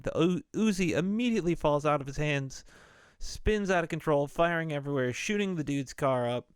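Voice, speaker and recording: A man's voice: fairly high pitch, normal speed, clear, resonant tone, no room sound, clean studio sound. A man hosting a podcast, retelling a film in a laid-back, profane, casual way. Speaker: podcast host. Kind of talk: casual movie recap podcast.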